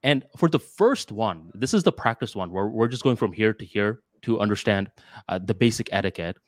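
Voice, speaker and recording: A man's voice: lowish voice, normal speed, no room sound. Podcast co-host, male, casual storyteller, dry close mic. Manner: storytelling, animated retelling.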